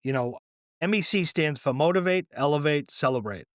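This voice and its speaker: A man hosting a podcast interview, relaxed and affirming, filling his questions with "you know". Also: on the high side, normal speed, no room sound, studio quality. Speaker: podcast host.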